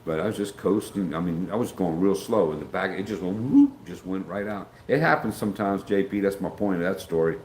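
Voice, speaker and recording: Speaking fairly quickly with few pauses, a deep-voiced middle-aged man rambles through his casual livestream, calling out chat viewers by name. Slight background noise sits under a roomy recording with faint ambience.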